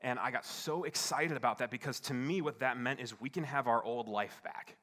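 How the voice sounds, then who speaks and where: A man preaching a sermon as a pastor, telling a personal story in an earnest, halting way, often restarting his sentences and swinging between hushed and emphatic. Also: mid-range voice. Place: church service.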